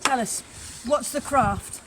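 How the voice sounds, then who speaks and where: A high-pitched Welsh woman takes her time as she hosts a church craft session. Playful and chatty, she pokes fun at herself during the casual demonstration, and hammering can be heard throughout the noisy space.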